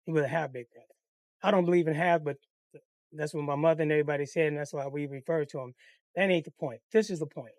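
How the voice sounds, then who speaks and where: A man's voice: a little high, quick pace, dry recording, clean studio sound. A man telling a personal story in a casual storytime monologue, swearing freely and acting out the voices of the people in it. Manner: profane, animated, acts out the voices in the story. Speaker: storyteller, channel host.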